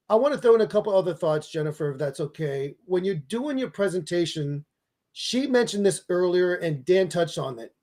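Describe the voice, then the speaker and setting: High-voiced energetic man giving speaking tips. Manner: energetic, emphatic coaching delivery. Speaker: public speaking expert and author. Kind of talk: giving advice in an interview.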